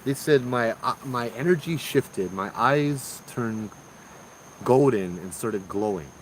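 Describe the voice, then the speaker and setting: A man's voice: medium pitch, animated, slow pace, slight background noise, rough recording. A man with a Hawaiian accent hosting a show, telling ghost stories in a laid-back, slangy way. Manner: laid-back, slangy, calls listeners bro. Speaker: host. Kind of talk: casual ghost storytelling.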